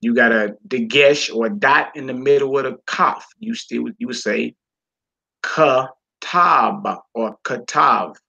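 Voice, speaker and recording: A man's voice: mid-range voice, fairly even intonation, normal speed, vocal fry, hardly any pauses, a bit bright, muffled recording. A man teaching a class from a Hebrew textbook, reading passages aloud and explaining them with casual, folksy asides to the listeners.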